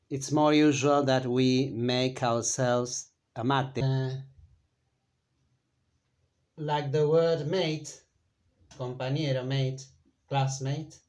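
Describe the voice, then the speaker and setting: Slow Argentine man teaching Spanish. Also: mid-range voice, a little mellow. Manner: unhurried, explains step by step with many fillers. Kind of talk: slow bilingual language lesson.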